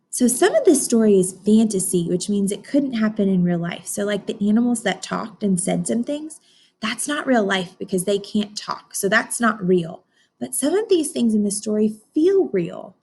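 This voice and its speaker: A woman teacher reading a picture book aloud to children, stopping to ask them questions and gently explain. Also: medium pitch, very animated, moderate pace, slightly rough.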